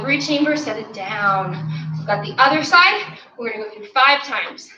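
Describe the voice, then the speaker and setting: A woman's voice: high-pitched, lively intonation, normal speed, pushed and bright. A woman teaching an online martial arts class, giving upbeat coaching and counting reps aloud. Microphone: camera mic from a distance. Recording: roomy, distant, dull lo-fi sound.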